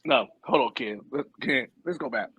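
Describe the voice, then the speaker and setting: A man's voice: mid-range voice, moderate pace, breathy edge, lo-fi sound. A man co-hosting a podcast, chiming in with playful interjections and teasing questions. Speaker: podcast co-host. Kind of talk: casual movie-recap chat.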